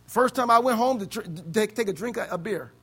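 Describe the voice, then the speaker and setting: A man from the States preaching a sermon as pastor, swinging between loud exclamations and low, quiet stretches. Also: fast, slightly rough, soft background music. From United States.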